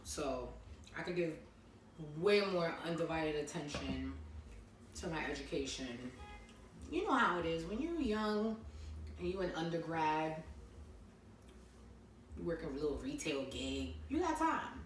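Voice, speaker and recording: A woman's voice: low-pitched, very animated, unhurried, pauses often. A young adult woman co-hosting a podcast in casual chat, sassy and teasing. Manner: sassy, teasing, talks while eating. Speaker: podcast co-host. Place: living room couch. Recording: echoey room, mic at a distance, faint noise.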